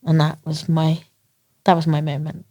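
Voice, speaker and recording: A woman from England, a guest in a podcast interview, telling a personal story in an animated way, laughing often and acting out the voices of others. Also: low voice, normal speed. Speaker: interview guest, marathon runner.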